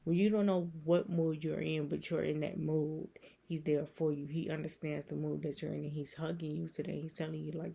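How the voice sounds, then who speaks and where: A faith content creator gives a casual, earnest devotional talk to encourage her viewers, rambling and repeating herself as she circles back on her points with real emotion. Her low, level voice moves at normal speed and is mellow and husky, with vocal fry.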